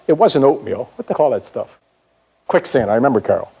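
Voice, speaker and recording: An older man, a sales trainer, telling a childhood story in a seminar talk, with chatty asides to the audience and a voice that climbs as the excitement builds. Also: mid-range voice, fairly quick, slightly rough.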